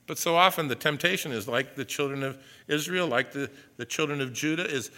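A man preaching a sermon in church, animated, with conversational asides and acted-out quotes. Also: on the high side, brisk, few pauses. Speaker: pastor.

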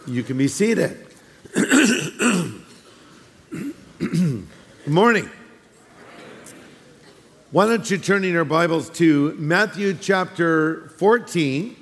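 A man with a high voice delivers a folksy sermon, full of restarts and little asides to the congregation. The sound rings with the long reverb of a large church sanctuary. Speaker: pastor. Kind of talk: sermon with humorous storytelling.

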